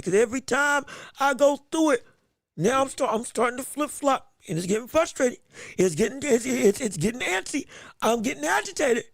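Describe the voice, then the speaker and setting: Brief: excitable male live-stream podcast host, very high voice, gravelly edge, dry close sound. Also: no echo. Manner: energetic, excitable, frequent restarts and hype greetings. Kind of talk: live-stream boxing podcast, reading the chat.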